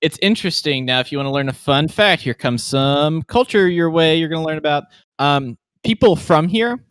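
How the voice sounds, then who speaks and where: A man's voice: fairly high pitch, expressive, normal speed, a bit bright, clean tone, no room sound. A man from West Virginia with a mild West Virginia accent, co-hosting a podcast and telling stories in casual chat. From West Virginia, USA. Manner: rambling, storytelling. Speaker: podcast co-host.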